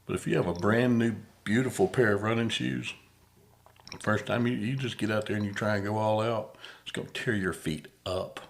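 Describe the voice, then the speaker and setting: A man's voice: fairly low pitch, fairly even intonation, brisk, creaky. A man hosting a podcast in casual conversation, folksy and rambling, often repeating words as he starts a thought. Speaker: podcast host.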